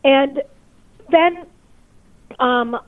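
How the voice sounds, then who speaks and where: A woman's voice: high voice, very slow, no room sound. Upset woman caller on a tinny phone line. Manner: upset, tearful storytelling. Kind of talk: telling a personal story to a radio host. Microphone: telephone.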